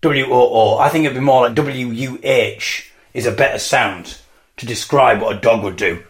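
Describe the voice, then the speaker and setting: A man's voice: mid-range voice, normal speed. A man hosting a podcast alone, musing in a wry, playful way and acting out mock debates. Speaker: podcast host. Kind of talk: solo comic musing.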